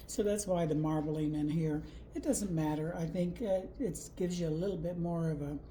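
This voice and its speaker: Slow, sassy woman in a noisy kitchen. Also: deep voice, warm tone. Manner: sassy, playful, jokey asides. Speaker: home cooking vlogger. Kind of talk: casual cooking demonstration. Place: home kitchen.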